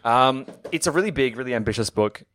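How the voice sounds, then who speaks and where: A man's voice: medium pitch, expressive, fast, fairly bright tone, slight background noise. A young man chatting enthusiastically on a podcast, joking and plugging his book. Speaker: podcast co-host and author. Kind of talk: casual chat.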